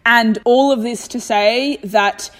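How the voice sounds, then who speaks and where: A young woman with an Australian accent hosts a solo self-help podcast. She talks bluntly and motivationally and swears freely, in a voice pitched a little high. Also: takes it slowly, in a large hall. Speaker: podcast host.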